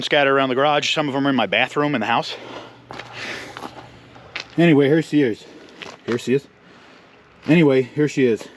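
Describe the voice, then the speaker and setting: Thirtysomething guy rambling in his garage, kinda out of breath, jokey, bit of background hiss. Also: mid-range voice. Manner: joking, self-mocking, rambling. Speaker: channel host. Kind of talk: casual garage vlog. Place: home garage and shed.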